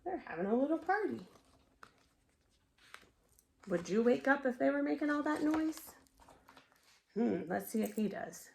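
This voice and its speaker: A woman reading a picture book aloud as a bedtime story, expressive and sing-song, pausing to ask the children questions. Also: high-pitched, creaky, slight background noise.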